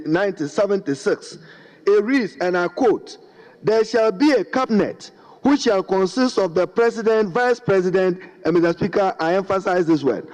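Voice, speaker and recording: A man's voice: high voice, darkish tone. A middle-aged man with a Ghanaian accent, a member of parliament giving a formal, emphatic debate speech and repeatedly addressing the Speaker. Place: large parliament chamber. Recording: dull reverberant chamber broadcast.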